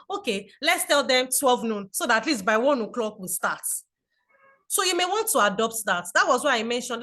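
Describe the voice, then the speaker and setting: A Nigerian woman in her forties giving an online talk to a community group, chatty and animated, telling stories over a video call. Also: a little high. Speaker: guest speaker.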